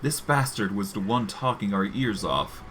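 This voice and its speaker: A man's voice: fairly low pitch, moderate pace, a bit bright, slight background noise, voice pushed down, natural voice. A man voicing a grumpy, stingy male gnome expedition leader who grumbles sourly. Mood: grumbling.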